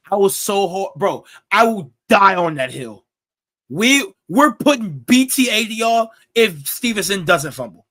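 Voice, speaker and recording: A young man hosting a casual sports talk show, loud and excitable, ranting. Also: sits high, measured pace. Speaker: podcast host.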